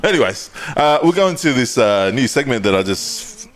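A man's voice: mid-range voice, very animated, moderate pace, slight background noise. Swearing, laughing laid-back male podcaster. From Pacific Islander heritage. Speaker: podcast co-host. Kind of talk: casual podcast chat.

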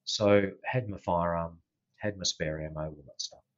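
An Australian man, a former police officer, telling a story in a casual interview, unhurried and full of fillers and restarts. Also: deep voice, no room sound, highs cut off.

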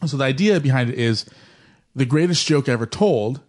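A man's voice: medium pitch, animated, normal speed, a little mellow. A man co-hosting a podcast in casual chat, joking and telling rambling stories. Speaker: podcast co-host.

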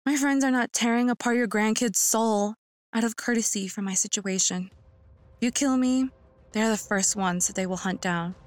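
A woman voicing a cold, sinister young man bound to shadows, speaking flatly and mockingly. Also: a little high, moderate pace, no room sound, faint music behind, natural voice.

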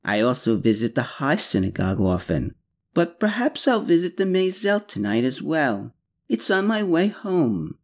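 A male narrator voicing a kind, gentle young woman who speaks softly and a little hesitantly. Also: on the high side, sing-song, moderate pace, voice pushed up. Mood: warm.

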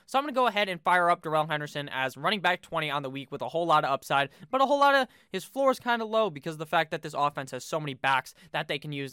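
A man's voice: on the high side, bright, forceful tone, clean tone, dry recording, clean studio sound. A young man hosting a fantasy football show, giving casual, joking ranking commentary with loose profane asides.

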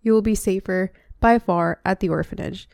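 A woman's voice: medium pitch, moderate pace, gravelly, clean tone, dry recording, clean studio sound, close to an everyday voice. A woman reading as a kindly old wizard headmaster. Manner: gentle, sympathetic.

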